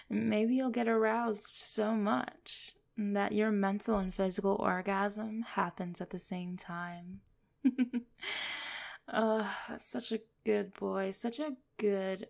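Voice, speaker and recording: A woman speaking in a commanding, teasing way for an erotic hypnosis role-play, breaking into soft low laughs. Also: creaky. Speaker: dominant hypnotist persona.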